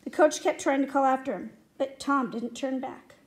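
High-voiced woman reading a story aloud. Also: moderate pace. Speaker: reader.

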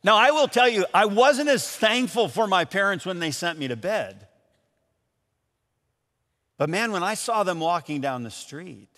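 High-voiced pastor preaching in a reverberant hall. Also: male voice, unhurried, pauses often. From Michigan, USA. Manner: storytelling, animated, acts out calls and quotes. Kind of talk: sermon. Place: church.

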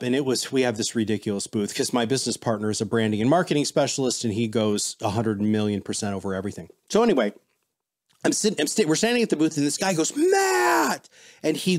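A man guest on a business podcast, telling stories in casual interview talk and acting out the people he quotes. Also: mid-range voice. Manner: animated storyteller, quotes people in voices.

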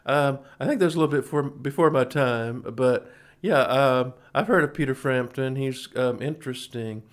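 A man's voice: medium pitch, moderate pace. A man in his forties hosting a music livestream, chatting casually between songs in a folksy, rambling way and calling his viewers folks. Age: 40s.

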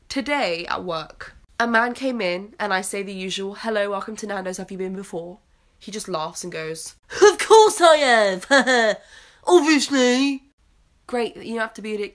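A woman's voice: medium pitch, fairly bright tone. A woman, a waitress, telling a comic story about work in an exasperated, sarcastic way.

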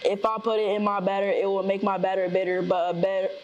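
High-voiced man, unsure contestant. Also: little pitch movement, lo-fi sound, soft background music. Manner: unsure, gives up quickly. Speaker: game contestant.

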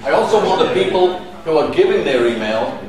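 A man's voice: fairly high pitch, sing-song, brisk, a crowd in the background. A man in his fifties giving a live conference presentation, chatty and joking with the audience in a large hall. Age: 50s. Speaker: conference speaker. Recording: echoey hall, mic at a distance.

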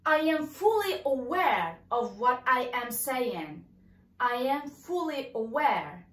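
Woman teacher, bright high voice, very animated, roomy echo. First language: Arabic. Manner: slow, stressed model pronunciations of words. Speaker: English teacher. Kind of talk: bilingual language lesson.

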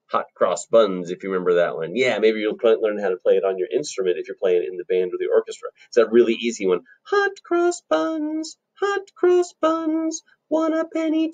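A man's voice: darkish tone, slightly rough, rough recording. A male music teacher giving a recorded lesson to children, friendly and encouraging, explaining patiently. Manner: friendly and encouraging, explains patiently, sings short phrases high up.

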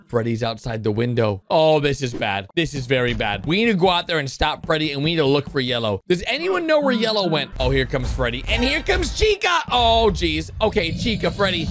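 A man hosting a gaming video, giving excitable commentary over animations and calling out to his viewers. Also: on the high side, fairly quick, hardly any pauses, music in the background. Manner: excitable, keeps gasping "oh no" and calling viewers "dudes".

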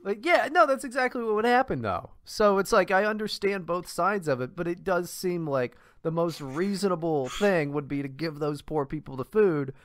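A man's voice: high-pitched, animated, normal speed, few pauses, a bit bright, dry recording. A man co-hosting a podcast, ranting in a profane, exasperated casual chat with many restarts. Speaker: podcast co-host.

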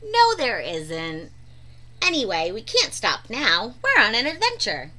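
A woman's voice: a little high, wildly swooping pitch, a little slow, pushed and bright, full character voice. A woman voicing a cheerful, brave little male sea creature who reassures his friends. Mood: reassuring. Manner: reassuring, upbeat.

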